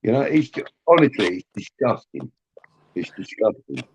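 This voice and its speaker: A man's voice: lowish voice, very animated, moderate pace, darkish tone, a little hiss or hum, rough recording. A middle-aged man co-hosting a casual live-stream chat, opinionated and emphatic, often repeating himself.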